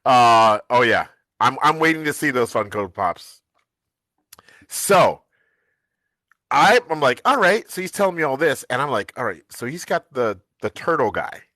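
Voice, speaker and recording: A man with a bright, forward voice that rises and falls a lot as he tells animated stories between bursts of laughter. He chats casually as co-host of a live stream. The sound is close and dry. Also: medium pitch, unhurried, no room sound. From United States. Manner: animated storytelling, laughs often.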